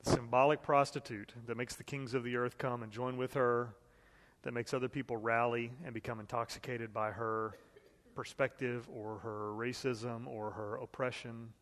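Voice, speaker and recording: A man's voice: medium pitch, little pitch movement, moderate pace, big-room sound. A man teaching a Bible study in a conversational way, reading scripture aloud and asking the group questions.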